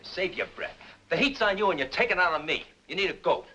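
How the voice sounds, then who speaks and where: High-voiced jumpy hoodlum, loud and defiant, fast mouth, dull old film sound with hiss. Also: male voice, expressive. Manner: loud, indignant, quick and jumpy. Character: jittery blustering hoodlum suspect, loud and defiant.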